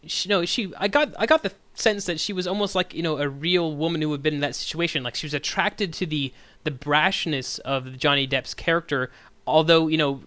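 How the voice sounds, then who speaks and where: A man co-hosting a film review chat, his voice bright and a touch high. He wanders through his points with many restarts and lively retellings. The sound is close and dry. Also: fairly quick, no room sound. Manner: rambling, restarts often, animated retellings. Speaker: podcast co-host.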